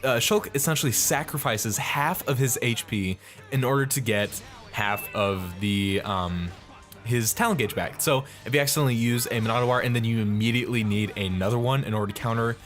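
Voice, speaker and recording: A man's voice: medium pitch, brisk, fairly bright tone. A man giving casual, jokey gameplay commentary in a rambling way, over faint music. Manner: rambling, jokey, many fillers. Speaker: let's play host.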